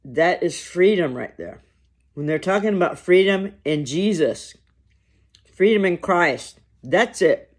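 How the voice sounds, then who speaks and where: Man, fairly high voice, unhurried and reflective, casual lunch vlog. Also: lively intonation. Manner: slow, reflective, halting, with long pauses. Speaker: vlogger. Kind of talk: casual talk to camera while eating lunch.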